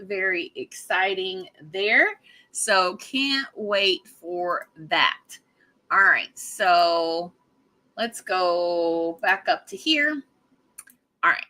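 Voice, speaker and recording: A woman's voice: mid-range voice, animated, slow pace, bright, forceful tone. A woman hosting a casual livestream, chatting bubbly with viewers and reading their comments. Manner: bubbly, chatty, laughs often. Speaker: livestream host.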